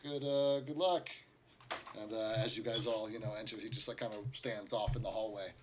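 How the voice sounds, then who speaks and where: A man's voice: fairly low pitch, little pitch movement, fast, muffled recording, noisy background. A man narrating as game master of a tabletop game, rambling with many fillers.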